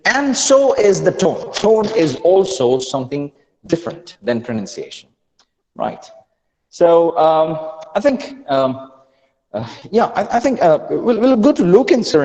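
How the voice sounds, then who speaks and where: A man leading a live online class, energetic and repeating phrases as he urges learners to answer quickly in the chat. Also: on the high side, long reverb tail, low-quality recording. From India. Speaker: online English trainer.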